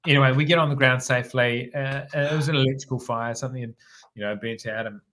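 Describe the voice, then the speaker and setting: Fast and mid-range in pitch, a middle-aged man with a New Zealand accent tells a story as a guest on an interview show. He used to fly helicopters, and he talks in a laid-back, rambling manner, often restarting sentences and repeating words.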